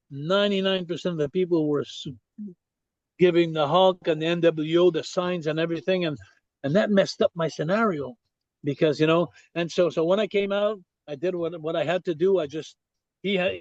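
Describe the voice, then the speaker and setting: An older man from Quebec with a French accent talks through a story as a podcast guest. His voice sits high for a man, and he keeps circling back with "I said" and restarts. The sound is dull and dry, like a lo-fi remote call. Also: dry recording. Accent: Québécois French. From Quebec, Canada. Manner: animated storyteller, many restarts and "I said". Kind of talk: storytelling interview.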